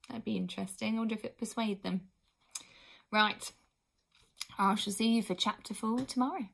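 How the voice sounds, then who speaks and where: A woman's voice: mid-range voice, moderate pace, vocal fry, pauses often, a bit bright, breathy edge. Woman reading a storybook aloud. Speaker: audiobook reader.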